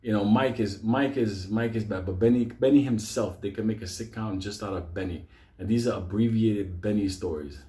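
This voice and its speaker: A man's voice: on the low side, moderate pace, reverberant. A man casually telling comic stories about an old friend, swearing constantly and breaking into laughs. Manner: animated, heavy swearing, laughs often. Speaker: storyteller. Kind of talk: casual profane storytelling.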